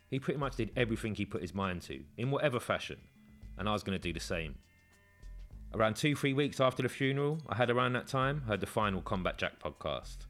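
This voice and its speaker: A man's voice: on the low side, fairly bright tone. A man hosting a podcast, speaking in a reflective, conversational way as he introduces an interview. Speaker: podcast host.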